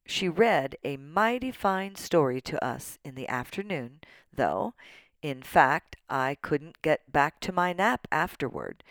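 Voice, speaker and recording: A woman with a low voice narrates a children's storybook with playful, animated delivery. She takes her time, letting the lines swing up and down. The recording is close and dry. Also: no room sound. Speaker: audiobook narrator.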